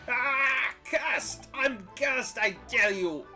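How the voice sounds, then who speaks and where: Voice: mid-range voice, extremely slow, bright, forceful tone, soft background music, pitched above the performer's own voice, exaggerated voice. A player reading aloud from a mystery game, voicing a melodramatic young man who is sure he is cursed and wails about it in a theatrical way. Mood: haunted. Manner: theatrical, wailing.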